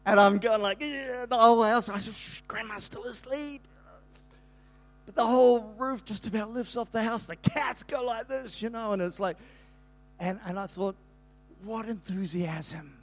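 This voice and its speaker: Older male pastor, high-pitched, animated storyteller who rambles and restarts, with sudden shouted bursts. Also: normal speed. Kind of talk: storytelling sermon.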